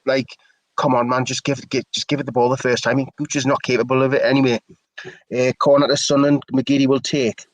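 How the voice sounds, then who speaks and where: A man's voice: mid-range voice, little pitch movement, a little fast, no echo, low-quality recording. A man giving chatty, opinionated live play-by-play commentary for a fan stream. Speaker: match commentator.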